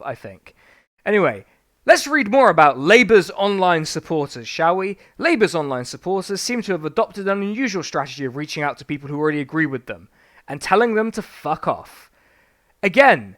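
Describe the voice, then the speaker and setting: A high, animated male voice that leaps all over its range as he reads passages aloud and then tears into them. He rants sarcastically and swears freely, in the loose manner of a live-stream book review. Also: normal speed.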